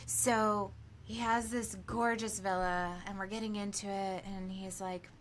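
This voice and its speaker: A woman guest on a podcast, talking about her work in an animated, enthusiastic way and laughing often. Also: medium pitch, unhurried, a little hiss or hum. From United States. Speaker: podcast guest, aerial yoga teacher. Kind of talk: casual podcast chat.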